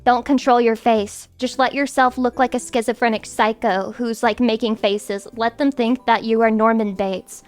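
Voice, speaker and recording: A woman streamer chatting casually on a livestream, animated and swearing as she rants jokingly. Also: a little high, moderate pace, few pauses, faint music behind.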